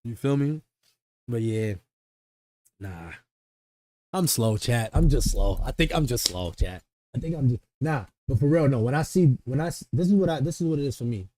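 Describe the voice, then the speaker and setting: A man's voice: mid-range voice, animated, normal speed, warm tone. A young man, a streamer, chatting casually and rambling in slang to his viewers, often mocking himself. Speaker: streamer reacting to a video.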